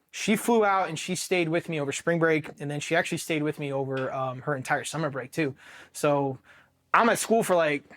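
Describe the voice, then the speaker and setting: A man from Ohio, a Marine veteran, tells his story bluntly and swears freely. His voice sits a little high for a man, and he speaks as a candid, animated storyteller. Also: a little fast.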